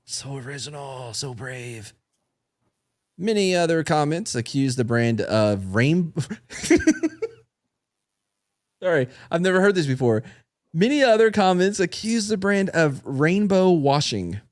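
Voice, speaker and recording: Male podcast host, animated delivery, jokey news reading. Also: fairly high pitch, moderate pace. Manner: reads articles aloud with joking asides.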